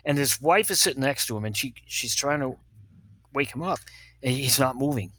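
An older man, a pediatrician, telling funny stories in an animated way and acting out the people in them. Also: mid-range voice, normal speed, no room sound. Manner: animated, acts out other people's voices, laughs at his own stories. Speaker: guest, pediatrician. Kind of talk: anecdotal storytelling.

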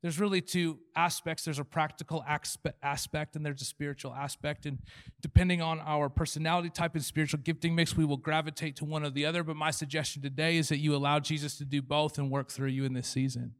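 A man's voice: a little high, level tone, fast. A man preaching a sermon as pastor, joking and acting out imagined prayers and God's replies. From Canada. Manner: humorous, acts out prayers and replies in quoted voices.

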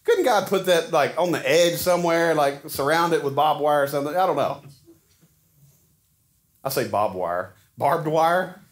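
Folksy pastor preaching. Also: male voice, fairly high pitch, moderate pace, pauses often. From Arkansas. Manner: folksy, conversational, with frequent restarts. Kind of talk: sermon. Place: church sanctuary.

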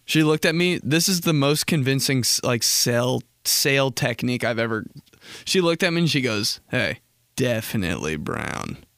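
A young man holds forth on his own podcast, cursing freely and wandering from story to story as he acts out little voices. His voice sits at an ordinary middle pitch, and the sound is close and dry with no room around it. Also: normal speed, a bit bright, no echo. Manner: rambling, profane storytelling with impressions. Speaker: podcast host. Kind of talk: casual solo comedy podcast.

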